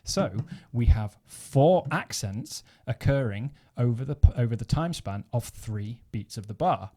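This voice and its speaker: Dark-voiced male drum teacher. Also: mid-range voice, animated, measured pace. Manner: methodical, counts beats aloud while playing. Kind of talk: instructional explanation.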